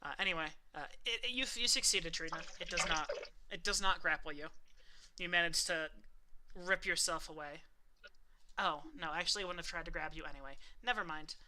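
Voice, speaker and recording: A woman running a tabletop game as game master, often pausing and correcting her own rulings. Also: on the low side, bright, forceful tone, slight background noise. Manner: hesitant, self-correcting rulings. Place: home.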